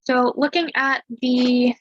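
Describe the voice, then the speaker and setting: A woman tutoring a language lesson over a screen share in a relaxed, chatty way, talking through examples. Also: high-pitched, slow, dull audio, noisy background. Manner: relaxed, chatty explaining with fillers and small laughs.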